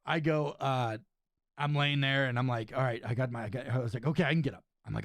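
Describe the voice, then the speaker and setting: Speaking fast with a medium pitch, a young man who wrestles and hosts a podcast spins an animated story in casual conversation. He keeps tossing in "right?" and "dude." The recording carries no room sound.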